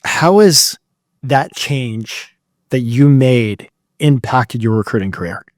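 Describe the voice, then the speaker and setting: A man hosting a podcast, asking questions in casual, halting phrasing with "like" fillers. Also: medium pitch, lively intonation, dry recording, studio quality. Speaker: podcast host. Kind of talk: interview questions.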